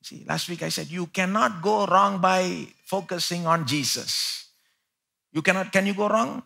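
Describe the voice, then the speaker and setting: A male pastor preaching a live church sermon, swinging between loud pleading and quiet asides. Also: high voice, a little slow, creaky. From India.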